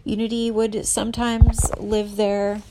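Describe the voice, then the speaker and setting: Woman, casual history narration, slow pace, earnest and emphatic, halting restarts. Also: mid-range voice, little pitch movement, noisy background.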